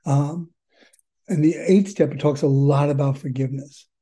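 A man's voice: fairly high pitch, fairly even intonation, moderate pace, mellow, breathy edge. An older man telling his story at a recovery meeting, earnest and rambling, with many fillers and repeated words. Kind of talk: personal testimony.

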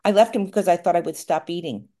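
A woman's voice: fairly low pitch, fast talker, warm tone. Middle-aged woman speaking at a recovery meeting; candid, rambling, self-mocking, near tears at times. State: tearful at times. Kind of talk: personal share at a support meeting.

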